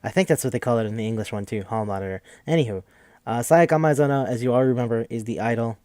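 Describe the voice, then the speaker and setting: A man's voice: mid-range voice, quick pace, a little mellow, clean tone, no echo. A man hosting a podcast, recapping a game in a rambling, joking, profane casual chat. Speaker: podcast host.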